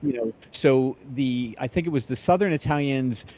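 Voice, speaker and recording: A man in a casual chat, telling stories in a relaxed, anecdotal way. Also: mid-range voice, normal speed.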